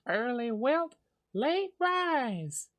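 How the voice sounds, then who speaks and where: A man voicing a gentle young woman villager in a cozy farming game, with a Southern US accent and a slow, sing-song, genteel manner. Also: extremely high pitch, big pitch swings, voice pushed up, full character voice. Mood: sweet, genteel.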